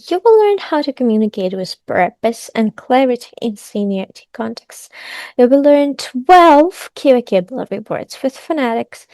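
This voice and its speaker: A woman's voice: high voice, darkish tone, no echo. A woman, teaching an upbeat online English lesson and stressing key words.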